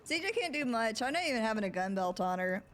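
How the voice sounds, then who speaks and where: A woman streaming a roleplay game, chatting casually to her viewers in an animated, giggly way. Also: a little high, fast talker.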